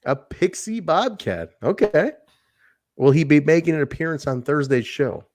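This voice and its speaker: A man's voice: on the high side, normal speed, no room sound, clean studio sound. Laid-back man chatting casually. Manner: animated, laughs often, acts out quotes. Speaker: podcast co-host. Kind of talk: casual wrestling review chat.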